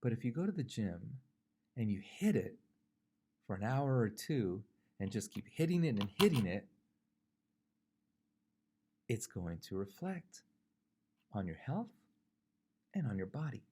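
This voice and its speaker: Male pastor from California, low husky gravelly voice, easygoing devotional talk with rhetorical questions. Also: sing-song, measured pace, long pauses, a little mellow. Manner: conversational, thinks aloud with fillers and rhetorical questions. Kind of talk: short devotional sermon.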